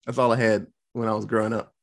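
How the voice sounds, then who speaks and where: A podcast host giving a casual, profane movie review, telling scenes in an animated way. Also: mid-range voice, quick pace.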